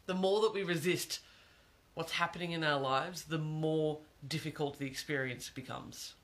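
A man's voice: on the high side, fairly even intonation, moderate pace, a bit bright. A man giving an earnest, reflective monologue, repeating phrases for emphasis.

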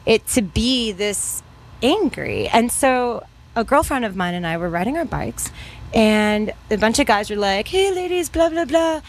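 A woman's voice: mid-range voice, a little slow. Earnest woman moderating a panel. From New Mexico. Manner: earnest, animated storytelling. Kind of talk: casual panel talk.

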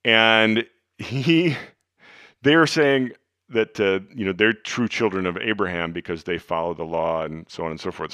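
Man, very deep voice, earnest conversational teacher, hushed emphasis, dry close sound. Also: no room sound. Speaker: podcast host and Bible teacher. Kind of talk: casual teaching talk.

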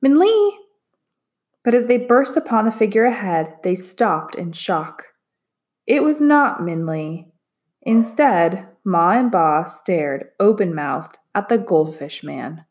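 Female narrator for a children's chapter book, measured and expressive. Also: on the low side. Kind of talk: storybook read-aloud narration.

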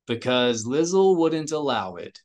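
A man voicing a calm, thoughtful Jedi master. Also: medium pitch, measured pace.

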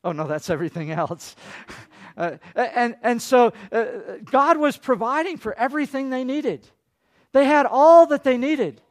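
A man with a fairly high voice preaching a sermon to his congregation. He tells the story in a loose, conversational way, fires off rhetorical questions, and swings from loud, excited preaching to soft, quiet asides. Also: moderate pace. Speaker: pastor.

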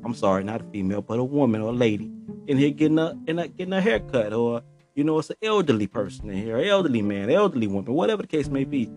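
A man's voice: mid-range voice, big pitch swings, fast talker, darkish tone, faint music behind. A man in his forties hosting a podcast, talking loosely in a casual monologue with lots of slang and filler phrases. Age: 40s. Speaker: podcast host.

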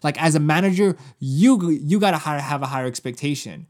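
A man in his thirties tells a story with lots of swearing, slipping into other people's voices as he goes. His voice sits somewhat high for a man, and the talk is loose and chatty. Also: brisk. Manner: animated, profane, acts out other people's lines. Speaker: podcast co-host. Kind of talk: casual storytelling chat.

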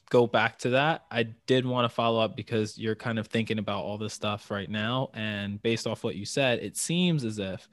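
A man with a fairly low voice co-hosting a trainers' podcast. He talks things through thoughtfully and builds toward follow-up questions. The sound is dry and close. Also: fairly bright tone, no echo. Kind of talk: casual podcast chat.

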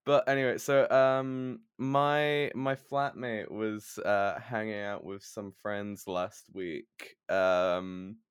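A young man co-hosting a podcast, telling a story in a rambling, halting way with lots of ums and restarts. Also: on the low side, steady tone, clear, resonant tone, dry recording, clean studio sound. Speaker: podcast co-host.

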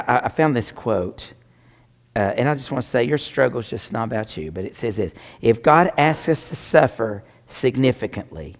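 A man preaching a sermon as pastor, swinging between loud exclamations and hushed near-whispers. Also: medium pitch, long reverb tail.

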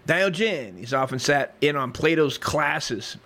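A man's voice: a little high, lively intonation, slow, fairly bright tone. Profane, rambling male comedy podcaster. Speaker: podcast host. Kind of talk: comedic history reading and riffing.

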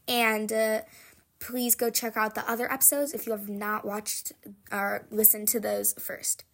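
A woman reading a novel aloud for a podcast, expressive first-person reading with small slips. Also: on the high side, measured pace. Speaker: podcast reader.

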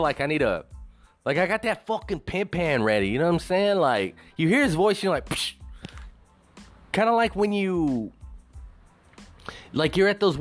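A man hosting his own show, talking alone in a rambling, profane, casual way. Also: on the high side. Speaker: show host. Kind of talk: casual solo commentary.

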